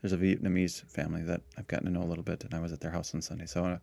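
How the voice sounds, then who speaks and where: A middle-aged man co-hosting a parish podcast in relaxed casual chat, laughing easily and restarting his sentences. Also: deep voice, racing, creaky, no room sound.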